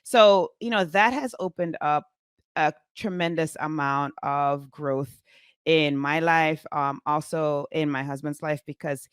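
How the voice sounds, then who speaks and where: A woman in her forties, a physician hosting her own show, telling a story in a chatty, animated way with many fillers. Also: low-pitched, measured pace, clean tone, no echo, clean studio sound. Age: 40s. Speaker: physician podcast host. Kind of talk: casual storytelling to camera.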